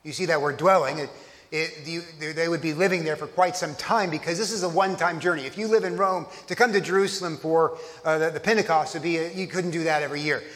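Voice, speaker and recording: A man's voice: fairly high pitch, quick pace, fairly bright tone, big-room sound. A man from Texas, preaching a conversational sermon as pastor, often restarting his phrases.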